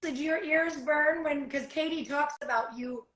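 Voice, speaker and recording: A woman from the United States hosting a live social media stream, animated and repeating phrases for emphasis. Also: sits high, unhurried, heavy background noise.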